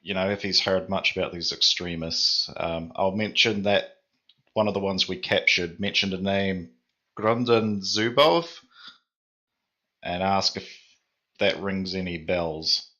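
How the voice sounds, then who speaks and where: Slow, bright-voiced man, hesitant. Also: deep voice, dull audio. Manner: hesitant, many fillers. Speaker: player. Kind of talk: casual game chat.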